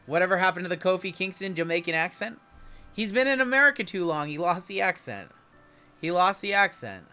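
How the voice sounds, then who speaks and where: A man's voice: high voice, sing-song, a little fast, sharp tone, smooth, soft background music. A man hosting a live card break, chatting with viewers as he calls out cards and spots. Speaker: sports card break host.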